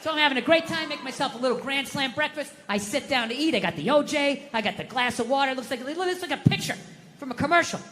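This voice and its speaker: A man's voice: very high voice, animated, fast, sharp tone, a little hiss or hum. Ranting, profane middle-aged male comic. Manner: profane, ranting, self-deprecating. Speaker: stand-up comedian. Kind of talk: stand-up comedy routine. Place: comedy stage before a live audience. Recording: live venue with long reverb.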